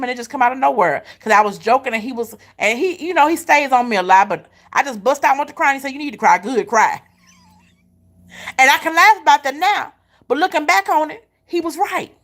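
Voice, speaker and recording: A woman's voice: high-pitched, a bit bright. A middle-aged woman giving a faith-based pep talk, repeating her points with emphasis and calling the listener baby and honey. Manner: emphatic repetition, folksy Southern-style phrasing. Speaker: motivational speaker.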